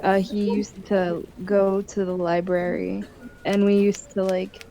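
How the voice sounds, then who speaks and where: A woman's voice: mid-range voice, flat delivery, unhurried, dark tone. A woman playing a tabletop game, speaking hesitantly with stumbling starts. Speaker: player.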